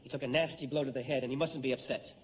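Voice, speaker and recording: An actor playing a cautious doctor giving a quick warning. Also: male voice, mid-range voice, steady tone, natural voice. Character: brisk, cautious male doctor. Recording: noisy studio recording from off-mic.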